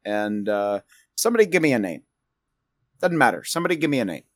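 A man's voice: mid-range voice, sing-song, quick pace, dry recording, studio quality. A man narrating as game master of a tabletop role-playing game, rambling with restarts. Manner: rambling, many fillers and restarts.

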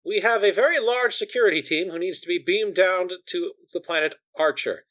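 A man's voice: high-pitched, a little fast, fairly bright tone. A man voicing a composed female starship commander in a tabletop game, giving formal, clipped orders. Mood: commanding.

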